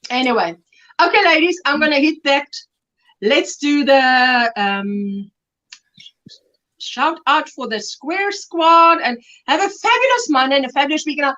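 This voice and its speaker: A woman's voice: high-pitched, measured pace, lo-fi sound. A middle-aged woman with a South African accent, hosting a casual livestream chat and telling stories with frequent laughs. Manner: animated storytelling, laughs often. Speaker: livestream host.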